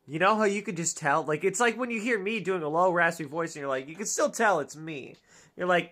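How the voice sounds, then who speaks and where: A woman's voice: fairly low pitch, lively intonation, moderate pace, fairly bright tone. A woman streamer chatting casually and musing aloud to her chat as she plays a dating game. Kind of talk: casual gameplay commentary.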